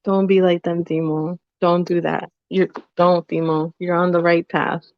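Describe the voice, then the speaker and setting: A woman's voice: lowish voice, flat delivery, a little slow, no room sound, lo-fi sound. A woman co-hosting a podcast in casual chat, playful and teasing. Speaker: podcast co-host.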